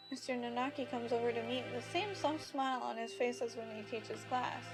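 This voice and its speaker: High-voiced woman reading a game aloud. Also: fairly quick, few pauses. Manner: steady narration with casual asides. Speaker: streamer. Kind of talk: reading a visual novel aloud. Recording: game music playing behind.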